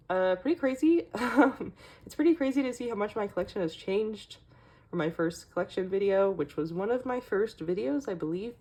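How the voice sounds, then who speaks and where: A woman's voice: medium pitch, a little mellow. A young woman casually walking through her photocard collection, chatty, with many fillers and small laughs. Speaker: K-pop collecting vlogger.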